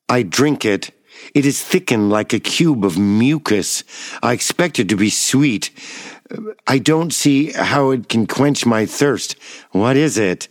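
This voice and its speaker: A man giving a measured, wry first-person reading of a personal memoir. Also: mid-range voice, dry recording, studio quality.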